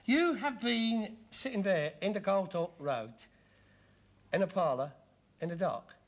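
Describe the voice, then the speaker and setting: An actor playing a sarcastic, mocking middle-aged son in a sitcom scene. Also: male voice, high voice, lively intonation, measured pace. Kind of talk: 1970s sitcom acting.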